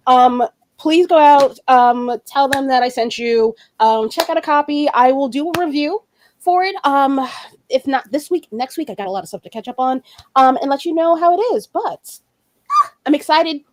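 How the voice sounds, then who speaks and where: Excitable high-voiced woman host. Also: normal speed. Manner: excitable, rambling, profane. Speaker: podcast host. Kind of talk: casual chat.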